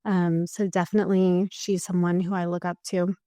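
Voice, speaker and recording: A woman's voice: fairly low pitch, level tone, moderate pace, mellow, no room sound, studio quality. A woman speaking as a podcast guest in a candid, heartfelt conversation. She is earnest and emotional and fills her speech with "like.". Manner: earnest and emotional, with many "like" fillers.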